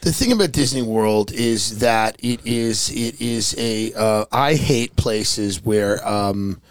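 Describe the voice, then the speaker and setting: A man guesting on a podcast, telling animated stories in casual comedic chat, swearing freely. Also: fairly low pitch, slow pace, clean tone, no echo. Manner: animated storyteller, swears a lot.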